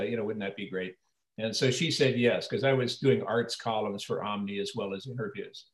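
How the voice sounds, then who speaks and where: Older man, casual guest storyteller, full of restarts and acted quotes, mid-pitched voice in an echoey room. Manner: rambling anecdotes with many restarts, acting out quoted lines. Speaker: actor interviewed as guest. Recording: roomy echo.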